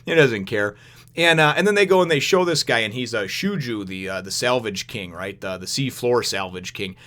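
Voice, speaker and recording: Dude doing a casual chapter review, lots of um and uh, rambling, middle-pitched voice. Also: male voice, lively intonation, normal speed, bright, forceful tone. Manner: rambling, filler-heavy, acts out characters in high voices. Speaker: host of a manga review show.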